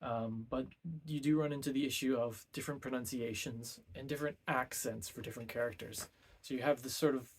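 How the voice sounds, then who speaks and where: A man's voice: medium pitch, fairly even intonation, a little fast, slightly rough. A man giving a casual, rambling book review full of ums and self-corrections.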